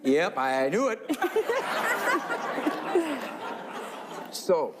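A man's voice: on the high side, very animated, normal speed, background noise. A man giving a live parenting talk on stage, teasing audience volunteers and chuckling as he goes. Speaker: parenting speaker. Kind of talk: live seminar talk with audience role-play.

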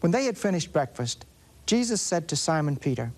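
A man with a Southern US accent preaching a Catholic sermon, slowly and deliberately, drawing out key words for emphasis. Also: fairly high pitch, sing-song. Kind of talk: sermon teaching on scripture.

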